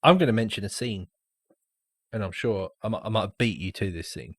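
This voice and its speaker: A man's voice: on the low side, a little fast, no room sound, studio quality. A British man in his thirties co-hosting a podcast, chatting casually, laughing often and sharing trivia. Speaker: podcast co-host. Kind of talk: casual movie chat.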